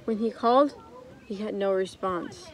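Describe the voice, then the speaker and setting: A young woman improvising a story at home, unhurried, with playful asides. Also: mid-range voice, low-quality recording. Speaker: co-host telling a story.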